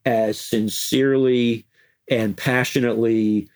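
An older man telling animated, chuckling stories as an interview guest, slipping into quoted voices. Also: mid-range voice, slow pace. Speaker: interview guest, former music news editor. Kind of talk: anecdotal interview storytelling.

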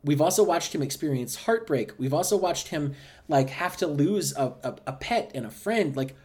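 A man's voice: fairly high pitch, expressive, normal speed, darkish tone. A man co-hosting a podcast, ranting animatedly with plenty of swearing. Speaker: podcast co-host. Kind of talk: casual podcast chat.

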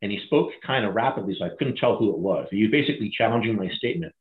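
A middle-aged man retelling a crisis story in an interview, animated and acting out the voices of others. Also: on the low side, rapid-fire. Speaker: guest, former bank crisis manager. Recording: echoey, phone-like audio.

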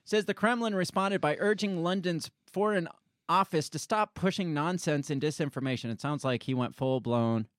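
An American man reads political news aloud on a casual talk show and riffs on it with sarcasm. His voice sits a little high for a man, and the recording is dry and close. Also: normal speed, dry recording. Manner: conversational, sarcastic, mocks quoted officials in put-on voices. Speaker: podcast co-host.

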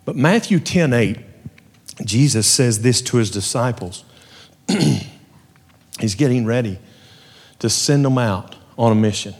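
A man preaching, his voice moving between quiet, hushed storytelling and rising, fervent emphasis. His middle-range voice carries a long reverb tail that rings around a large hall. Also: mid-range voice, lively intonation, slow, long pauses. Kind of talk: sermon with personal testimony.

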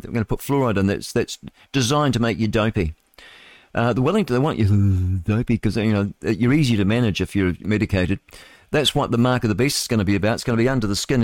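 Male NZ talk-radio host, low voice, dry booth sound, rambling and opinionated, trips over headlines. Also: no room sound. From New Zealand. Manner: stumbles over words while reading headlines aloud. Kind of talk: live talk radio, reading and riffing on news.

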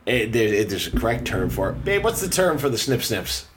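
A young man hosting a casual chat, telling a story in an animated way with frequent laughter. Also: medium pitch, brisk, a little hiss or hum.

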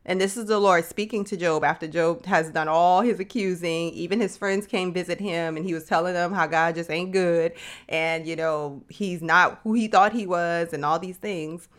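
A woman's voice: lowish voice, steady tone, moderate pace. Chatty woman host teaching the Bible. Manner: chatty, addresses listener as sis, slangy asides. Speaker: podcast host. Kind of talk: casual Bible teaching talk.

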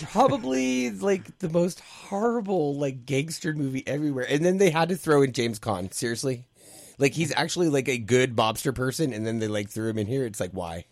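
A man's voice: medium pitch, lively intonation, normal speed, no room sound. A man on a casual movie review panel, sarcastic and peppering his talk with fillers. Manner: sarcastic, lots of "like".

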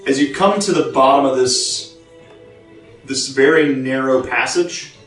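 Guy running a tabletop game, stops and restarts a lot, echoey room, soft music under it. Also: medium pitch. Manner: halting, many fillers and restarts while describing scenes. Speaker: game master. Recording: roomy, distant mic, faint music behind.

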